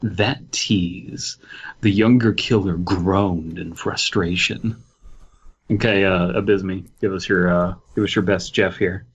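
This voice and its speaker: A man's voice: low-pitched, fairly even intonation, slow, slightly rough, lo-fi sound. A man co-hosting a comedy podcast, reading fanfiction aloud and breaking into laughter mid-sentence.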